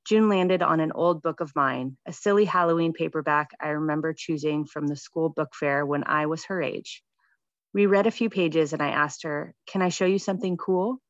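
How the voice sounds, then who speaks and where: Woman in her 30s, low-pitched, reads a personal essay gently, dry close sound. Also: moderate pace, no room sound. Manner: gentle, reflective reading. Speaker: radio essayist, mother. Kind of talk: scripted personal essay reading. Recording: dull lo-fi sound.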